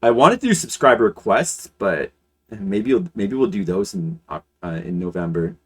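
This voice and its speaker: Low-voiced guy rambling on a game stream, voice swings up and down a lot. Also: expressive, moderate pace, fairly bright tone, slightly rough. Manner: rambling, thinks aloud with restarts. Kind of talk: casual live-stream chat.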